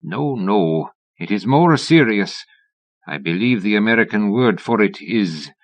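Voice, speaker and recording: A man's voice: lowish voice, expressive, measured pace, no room sound. A male narrator voicing a man who jokes in a hammy mock Russian accent, playfully conspiratorial. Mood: joking.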